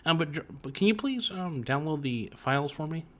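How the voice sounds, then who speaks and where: A man putting on a fast-talking male film star, rambling with lots of hesitations. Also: on the high side, animated, a bit bright, voice pushed up. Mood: joking.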